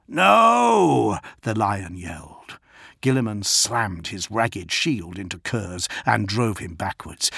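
A man reads an audiobook slowly and deliberately, with a gravelly, fry-edged voice. The sound is dry and close, with no room around it. His delivery is measured and dramatic. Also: mid-range voice, a bit bright, dry recording. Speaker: audiobook narrator. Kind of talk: scripted audiobook narration.

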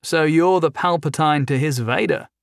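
A man voicing a wisecracking young male captive who talks in a quick, sarcastic, lively way in a storybook reading. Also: a little high, creaky, no room sound, studio quality, pitched above the performer's own voice. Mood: mocking. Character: chained young man, wisecracking and nervously flippant.

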